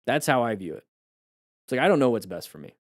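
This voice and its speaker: A hoarse man chatting live with his viewers, in a mid-range voice that sounds close and dry. He muses in a reflective, rambling way and keeps restarting his sentences as he works out his thoughts. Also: mid-range voice, sing-song, fast, no echo. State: voice going hoarse. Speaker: motorcycle riding coach streaming live. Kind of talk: casual live-stream chat with viewers.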